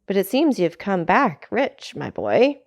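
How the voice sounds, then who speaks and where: A woman's voice: mid-range voice, wildly swooping pitch, unhurried, heavily acted. Caderousse, a woman voicing a greedy fawning tailor. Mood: ingratiating. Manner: hearty, ingratiating. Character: greedy fawning male tailor, mid-twenties.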